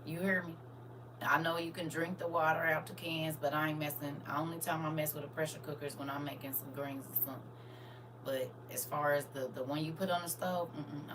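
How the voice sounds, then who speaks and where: Low-voiced woman chatting on a livestream. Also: background noise. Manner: animated, talks straight to viewers. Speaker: livestream host. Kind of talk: casual livestream chat.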